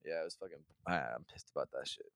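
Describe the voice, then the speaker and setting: A man's voice: extremely low pitch, fast, vocal fry, a bit bright, no echo, studio quality. A man hosting a podcast, telling a rambling, profane story in casual chat. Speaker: podcast host.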